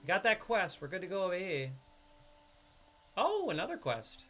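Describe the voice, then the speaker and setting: A man's voice: high-pitched, huge pitch swings, normal speed, fairly bright tone, soft background music. A man with a New York accent giving live gameplay commentary, chatting straight to his viewers. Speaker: streamer.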